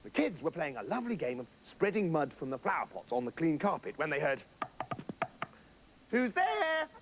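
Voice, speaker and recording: A man's voice: on the high side, very animated, quick pace, noisy background. A man telling a comic children's story, gleeful and anarchic. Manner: gleeful and anarchic, jumping between voices. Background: music.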